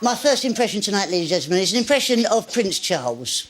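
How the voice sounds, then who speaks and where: A male comedian doing a live stand-up act on stage, with a squeaky voice and mock-indignant banter at the audience. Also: very animated, fast talker. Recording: live stage with loud crowd.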